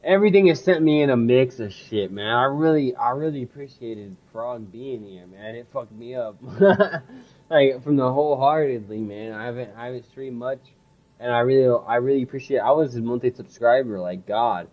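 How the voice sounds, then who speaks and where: A man's voice: medium pitch, moderate pace, highs cut off. A young man streaming a game, talking casually in a rambling, effusive way and swearing freely. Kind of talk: casual game livestream with read-aloud.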